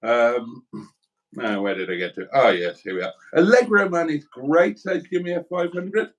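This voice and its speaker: A man's voice: medium pitch, normal speed. Rambling man hosting a livestream. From South Wales. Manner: rambling, self-deprecating, chatty. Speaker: livestream host. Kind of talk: casual livestream chat reading comments.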